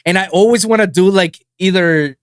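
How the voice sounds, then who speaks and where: A man hosting a casual podcast chat, animated and swearing freely, with lots of fillers. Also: high voice, moderate pace, clear, resonant tone, no echo, studio quality. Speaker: podcast host.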